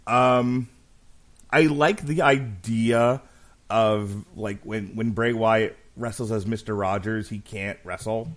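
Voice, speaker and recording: His voice is fairly low and his pace slow as he chats on the podcast he co-hosts. The man, in his thirties, swears plenty, cracks jokes, and tells stories in easygoing conversation.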